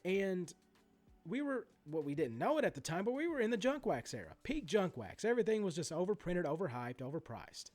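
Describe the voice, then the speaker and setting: A man in his forties rants about sports card prices, his pitch swinging up and down as he gets worked up. He swears freely, wanders into asides and trips over restarts. Soft music sits faintly behind him. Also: fairly quick. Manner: animated, profane ranting with many asides and restarts. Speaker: sports card collector vlogger. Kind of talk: ranting vlog commentary.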